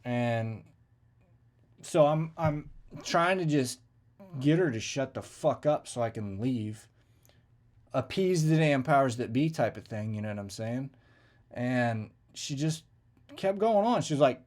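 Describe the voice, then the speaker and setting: A man's voice: medium pitch, animated, a little slow, a little mellow. A man telling a casual, profane story and acting out the exchanges he quotes. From United States. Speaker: veteran storyteller.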